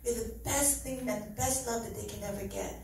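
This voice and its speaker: Middle-aged woman, heartfelt church testimony, fairly high voice, booming hall echo, distant mic. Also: a little fast, gravelly, darkish tone, slight background noise. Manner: earnest, heartfelt, often laughing. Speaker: guest speaker giving testimony. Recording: very echoey hall, mic from far off.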